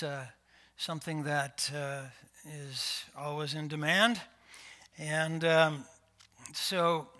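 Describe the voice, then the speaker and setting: Middle-aged male pastor from Canada, slow relaxed sermon, pitch a bit high, bright. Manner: slow, conversational preaching with fillers and rhetorical questions.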